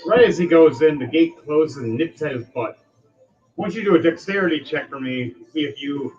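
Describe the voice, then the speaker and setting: A man's voice: on the high side, animated, normal speed, a little mellow. A man running a tabletop game as game master, casually calling for rolls and narrating. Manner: casual, instructive, calls for rolls. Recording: dull sound with music behind.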